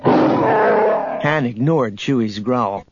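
A man narrating an audiobook in a steady storytelling manner, in a dull, dry recording. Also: medium pitch, drawn-out words, creaky, heavy background noise.

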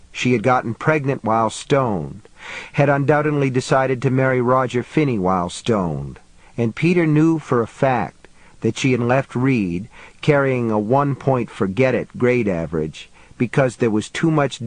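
A man reads a novel aloud in a steady, measured voice at a middle pitch. The recording is close and completely dry, like a booth read. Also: no echo, low-quality recording. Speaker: audiobook narrator. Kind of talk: scripted narration.

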